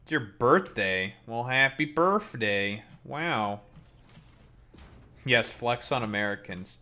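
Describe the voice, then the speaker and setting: A man's voice: medium pitch, lively intonation, takes it slowly, bright, forceful tone. A man streaming a game, chatting casually with viewers in a crude, profane, teasing way. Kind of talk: casual live-stream chat while gaming. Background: keyboard typing.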